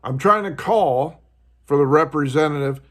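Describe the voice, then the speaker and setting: Guy with a high voice venting on his vlog, fed up and ranting. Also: normal speed. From United States. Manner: frustrated, ranting, mimics others in a higher voice. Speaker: host. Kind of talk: casual vlog rant.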